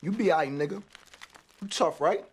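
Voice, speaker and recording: A woman's voice: on the low side, moderate pace, breathy edge, voice pushed down. A woman voicing a menacing young man who taunts and threatens. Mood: taunting.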